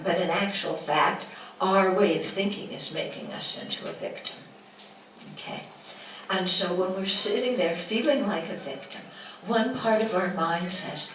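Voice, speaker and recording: Slow-spoken woman teacher in echoey room. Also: medium pitch. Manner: asks the audience rhetorical questions, acts out quotes playfully. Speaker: Buddhist teacher. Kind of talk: dharma talk. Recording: echoey room from a distance with noise.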